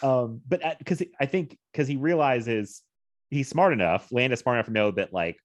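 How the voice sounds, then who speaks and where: A man's voice: medium pitch, lively intonation, normal speed, no echo. A man chatting casually about a film, laughing often and using fillers.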